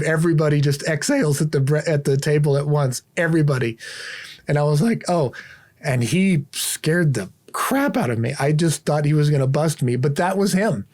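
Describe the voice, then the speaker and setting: A man's voice: mid-range voice, normal speed, a little mellow. A man hosting a channel, telling a personal story casually to camera and acting out his own reactions. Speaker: host.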